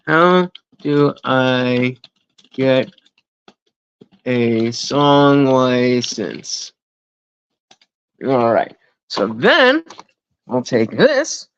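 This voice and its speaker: A man's voice: a little high, a bit bright, smooth, no echo, lo-fi sound. Rambling young man streaming casually. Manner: rambling, self-interrupting, jokey. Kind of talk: casual live-stream chat. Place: at home indoors. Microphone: desk microphone.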